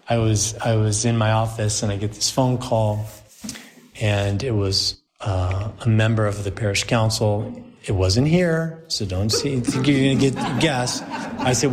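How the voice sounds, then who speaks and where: A man's voice: medium pitch, noisy background. A man, a priest, telling a story to a group in a chatty, anecdotal way and laughing at his own jokes.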